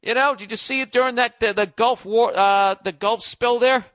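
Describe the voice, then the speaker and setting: An American man rants sarcastically on his podcast, swearing often. His voice sits high and sounds bright and forceful. The recording is close and dry. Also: fairly even intonation, moderate pace, no echo. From United States. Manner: sarcastic, profane, mocking. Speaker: podcast host. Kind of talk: comedic podcast rant. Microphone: studio podcast mic.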